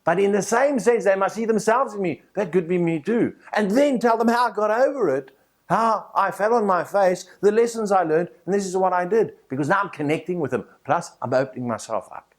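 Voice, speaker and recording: A man's voice: sits high, brisk. A man with a South African accent, a motivational speaker teaching a speaking course and telling personal stories in a direct, confiding way. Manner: animated storytelling, direct and confiding.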